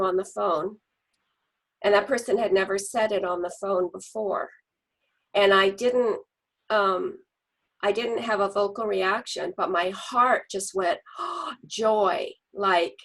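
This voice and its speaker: A middle-aged woman telling a personal story in a group discussion, earnest and animated, with restarts. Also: medium pitch, creaky, low-quality recording.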